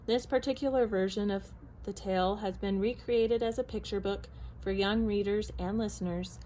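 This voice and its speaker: A woman storyteller introducing a folktale and reading a picture book aloud in a measured, expressive way. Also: medium pitch, slight background noise, poor audio.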